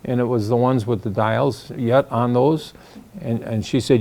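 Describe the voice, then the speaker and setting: A man's voice: medium pitch, steady tone, measured pace, mellow. An older man telling a story in a folksy, casual way, acting out the voices of the people he quotes. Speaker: storyteller recounting the founding.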